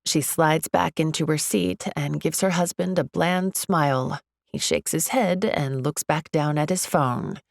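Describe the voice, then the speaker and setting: A woman narrating a romance audiobook in the first person, with an expressive, chatty delivery. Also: deep voice, unhurried, gravelly, no echo, clean studio sound. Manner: expressive, chatty, lively inner monologue.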